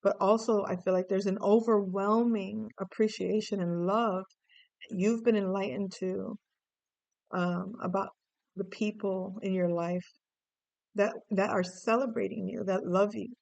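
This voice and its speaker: A woman with a smooth, clear voice gives a casual tarot reading straight to her viewers. She muses and thinks aloud, restarting her sentences as feelings come up. The sound is dry and close. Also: mid-range voice, fairly even intonation, measured pace, darkish tone, no echo. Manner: musing and emotive, thinking aloud with frequent restarts. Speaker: tarot reader.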